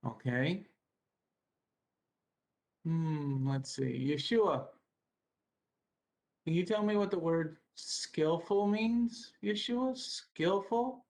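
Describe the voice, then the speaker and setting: Slow, gravelly man teaching kids online. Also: high voice, lively intonation, darkish tone. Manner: patient, spells words out letter by letter. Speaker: teacher leading children's devotional. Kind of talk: online lesson with children. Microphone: video call.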